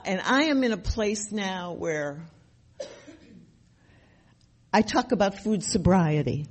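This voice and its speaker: A woman's voice: medium pitch, a little mellow. An older woman sharing her recovery story at a meeting, emphatic and repetitive, often asking rhetorical questions. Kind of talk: personal testimony at a recovery meeting.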